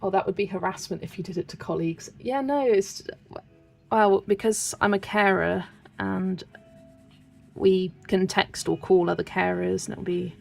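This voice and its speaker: A chatty young woman from Wiltshire with a faint West Country lilt, talking casually while she colours and laughing often. Her voice has a slightly gravelly edge, and soft music plays faintly behind her. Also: medium pitch, normal speed. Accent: West Country English, light. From Wiltshire, England. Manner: chatty, laughs often, reads chat aloud. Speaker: colouring channel host.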